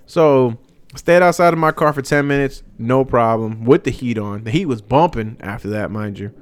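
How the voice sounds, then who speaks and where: A man's voice: mid-range voice, normal speed. A young man telling a long, profane, joking story in a casual chat. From Hispanic family, father speaks Spanish. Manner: animated, profane, jokey storytelling.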